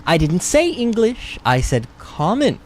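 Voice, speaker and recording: A man's voice: high-pitched, big pitch swings, measured pace, a little hiss or hum. A man casually chatting as he streams a game, reading chat aloud and laughing often. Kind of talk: casual gaming commentary.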